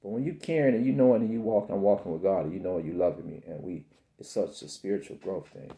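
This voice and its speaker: A man in his fifties giving a slow, repetitive, preachy spiritual monologue about self-belief, often calling the listener baby. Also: deep voice, vocal fry, dark tone.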